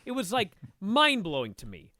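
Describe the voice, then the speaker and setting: Lively high-voiced man telling a story. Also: normal speed, dry recording, studio quality. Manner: animated, swears freely, says "dude". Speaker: podcast guest, martial arts instructor. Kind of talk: casual storytelling chat.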